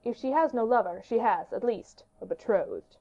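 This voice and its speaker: Woman reading a regal king, brisk and commanding, storybook voice, dull lo-fi sound. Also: a little high, lively intonation. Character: regal young male king, curious and commanding. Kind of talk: audiobook character reading. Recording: dull lo-fi audiobook recording.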